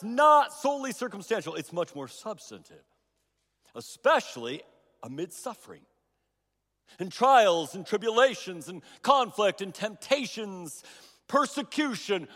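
A middle-aged man preaches in a high voice, circling back and repeating phrases for emphasis as he tells a story. His voice rings out through the long reverb of a large hall. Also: fairly bright tone. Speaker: pastor. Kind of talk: sermon.

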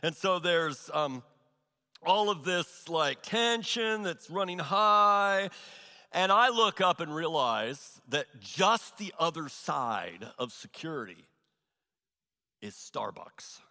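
A male pastor preaching a sermon in a church, telling a story with animated, exaggerated asides. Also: on the high side, slow, long reverb tail. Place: large church hall.

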